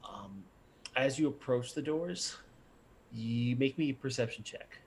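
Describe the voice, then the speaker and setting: A man narrating as game master of a tabletop game, halting often with fillers. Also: medium pitch, animated, slight background noise.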